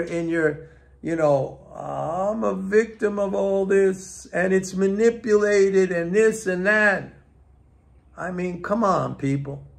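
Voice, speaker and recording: A man's voice: high voice, gravelly, fairly bright tone. An older man hosting an economics show, ranting bluntly and with exasperation at his viewers, swearing freely.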